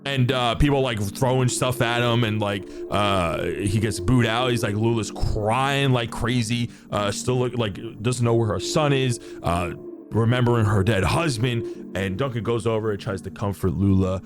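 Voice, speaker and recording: A man's voice: medium pitch, normal speed, music in the background. A man narrating a tabletop game as dungeon master, casual and full of fillers.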